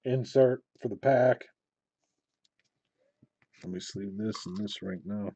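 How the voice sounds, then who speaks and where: A man leads a live card break, unwrapping packs and calling his pulls while grumbling softly to himself and occasionally getting excited. He speaks slowly.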